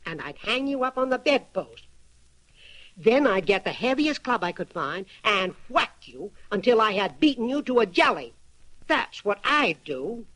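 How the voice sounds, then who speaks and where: Storybook heroine: a sly, nimble-witted young girl, voiced by a male narrator, a touch higher than his own voice. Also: fairly bright tone, no room sound, low-quality recording. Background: background music.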